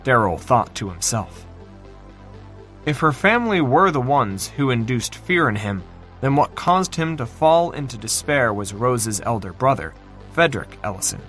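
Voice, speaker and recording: A man narrating a fantasy novel in an expressive, dramatic reading style. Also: medium pitch, normal speed, faint music behind. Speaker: audiobook narrator.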